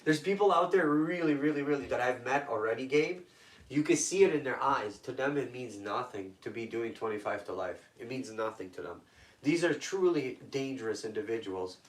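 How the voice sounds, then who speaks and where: A guest from Toronto, Canada tells intense personal stories in blunt, profane street talk. His medium-pitched voice has lively intonation and a moderate pace, but he's off-mic, far from a distant mic in an echoey room.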